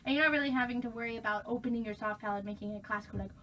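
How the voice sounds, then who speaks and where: A woman's voice: on the high side, rapid-fire, sharp tone, a little hiss or hum. A young woman coaching a student through a voice lesson, encouraging and demonstrating exercises. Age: young adult. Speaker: voice teacher.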